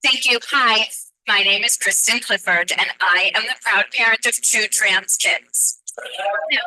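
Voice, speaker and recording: A woman's voice: medium pitch, measured pace, bright, forceful tone, rough recording. A woman giving public comment as a parent at a meeting, speaking urgently and confrontationally into a meeting microphone. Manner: urgent, confrontational, pointed questions. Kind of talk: impassioned public testimony.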